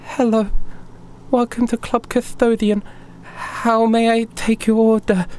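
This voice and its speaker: A man's voice: extremely high pitch, level tone, unhurried, a little mellow, pitched above the performer's own voice, poor audio. A man voicing a nervous, timid young female satyr waitress who answers hesitantly.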